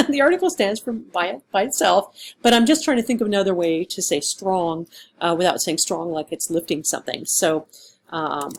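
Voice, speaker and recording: A woman writing instructor talking through comments on a student's rough draft in a casual, thinking-aloud way, with lots of fillers and some dry sarcasm. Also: lowish voice, a little hiss or hum. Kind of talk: screen-recorded essay feedback walkthrough.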